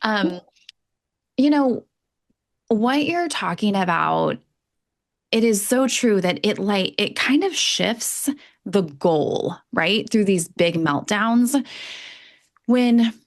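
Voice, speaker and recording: A woman's voice: mid-range voice, animated, slow pace, long pauses. A woman hosting a podcast as an emotional wellness coach, chatting casually with a guest over a remote call and affirming her with lots of fillers.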